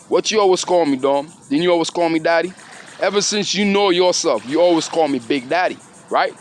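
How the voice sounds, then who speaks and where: A man delivering a rambling, grandiose monologue, preachy and full of rhetorical questions. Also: sits high. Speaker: self-styled spiritual speaker.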